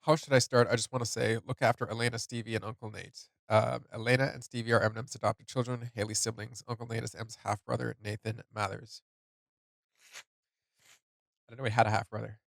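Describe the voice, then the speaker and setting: A tearful man hosting a song reaction, talking in a halting, emotional way as he comments on what he hears. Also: medium pitch, flat delivery, gravelly, fairly bright tone, no room sound. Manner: halting, emotional, thinking aloud. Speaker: music reaction host.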